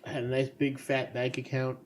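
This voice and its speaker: A man's voice: mid-range voice, completely flat delivery, fairly quick, a little hiss or hum. Laughing, joking middle-aged man. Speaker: podcast co-host. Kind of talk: casual chat.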